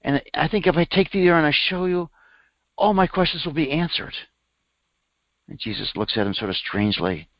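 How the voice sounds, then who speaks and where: At a moderate pace, a man who is a spiritual teacher tells a parable in a sermon, animatedly voicing the characters by raising his pitch for their lines. The sound is lo-fi but free of echo.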